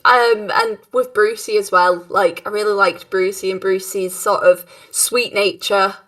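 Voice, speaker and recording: A woman's voice: mid-range voice, steady tone, a little slow, a bit bright, far from the mic. A woman with a Cockney accent, chatting casually and giggly as a tabletop game player. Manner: giggly, chatty, trails off and restarts. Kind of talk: casual chat.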